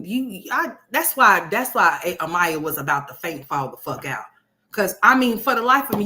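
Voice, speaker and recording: A woman from Oklahoma hosting a commentary stream, ranting brashly with a lot of profanity. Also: lowish voice. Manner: brash, profane, loud sassy rants. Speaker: commentary host. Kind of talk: livestream commentary on a reality video.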